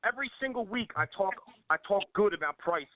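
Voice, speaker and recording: Brief: fairly high-voiced man, aggrieved and stammering, casual talk-show guest, narrow phone-line sound. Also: lively intonation, quick pace, over a noisy crowd. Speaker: podcast guest. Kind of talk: casual chat.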